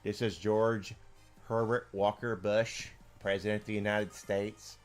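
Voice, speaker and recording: A man putting on an impression of a stately older male president, speaking slowly and formally. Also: on the low side, level tone, soft background music, lightly acted.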